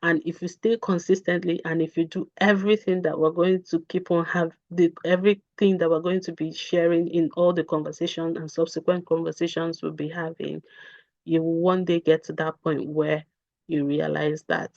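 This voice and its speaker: A woman's voice: low-pitched, level tone, moderate pace, vocal fry, a little mellow, no echo, dull audio. Earnest woman coaching parents. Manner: earnest, repetitive, with many fillers. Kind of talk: live online talk with Q&A.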